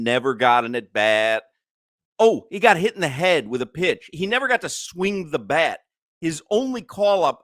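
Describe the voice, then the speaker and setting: A man's voice: fairly high pitch, a bit bright, dry recording. A man co-hosting a sports radio show, telling rambling stories in casual banter with many fillers, close on a studio microphone. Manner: rambling storyteller, thinks aloud with fillers.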